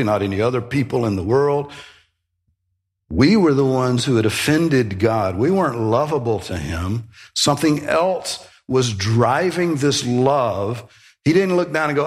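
A man's voice: mid-range voice, expressive, measured pace. A man preaching a sermon, emphatic, with rhetorical questions and sudden rises in emphasis. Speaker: pastor.

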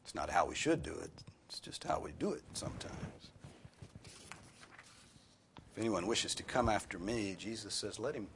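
A man's voice: on the low side, sing-song, moderate pace, gravelly, pauses often, a bit bright, slight background noise. A man preaching a sermon as pastor, earnest and rising sharply for emphasis on key points.

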